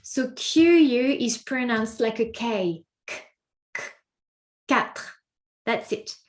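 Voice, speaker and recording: Woman teacher going through pronunciation really slow, kinda high voice, repeats stuff a lot. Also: animated. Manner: patient, repeats each word slowly, asks the listener questions. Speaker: French teacher. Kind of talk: slow, careful pronunciation lesson.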